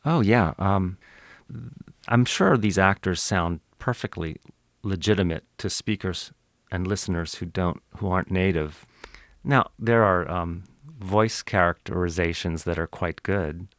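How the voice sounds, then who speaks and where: A man's voice: deep voice, unhurried, dry recording, studio quality. A man who is an accent archive expert, explaining in an interview in a lecturing manner.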